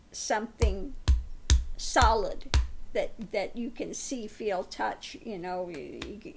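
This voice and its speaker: A woman's voice: fairly high pitch, a little mellow, slight background noise. A woman giving a spiritual tarot card reading in a meandering way, often laughing. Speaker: tarot reader.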